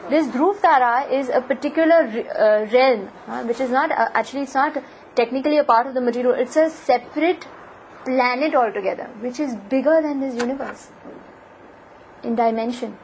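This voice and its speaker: A woman giving a devotional lecture, telling a scripture story in a lively way and asking her listeners questions. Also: high voice, a little hiss or hum, low-quality recording. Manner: animated storyteller, asks the audience questions. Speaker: spiritual lecturer.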